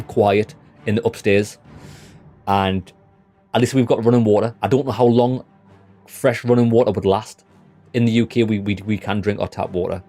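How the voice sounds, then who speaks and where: Young British male game streamer: low, warm voice, rambling, blunt, sweary chat with viewers. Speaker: gaming livestreamer. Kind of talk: casual chat with live chat.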